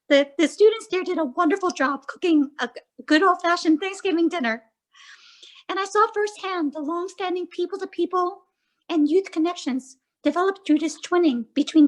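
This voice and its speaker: Squeaky hoarse woman with laryngitis. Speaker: consul giving opening remarks. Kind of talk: prepared webinar remarks.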